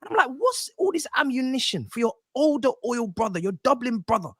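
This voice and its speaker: A man's voice: very high-pitched, very animated, a little fast, sharp tone, husky, dry recording, clean studio sound. A man, a football fan panelist delivering a theatrical, mock-indignant rant.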